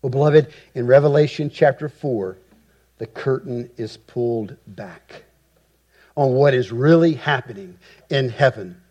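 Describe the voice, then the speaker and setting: A man preaching an expository sermon, with emphatic rhetorical repetition and deliberate phrasing. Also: mid-range voice, a little mellow, muffled recording. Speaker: pastor.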